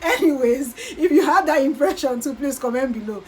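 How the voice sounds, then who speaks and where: A woman's voice: sits high, animated, brisk, darkish tone, low-quality recording. A Nigerian woman vlogger chatting animatedly as she recaps a show, acting out quotes as she goes. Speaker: YouTube vlogger. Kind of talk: casual gossip recap.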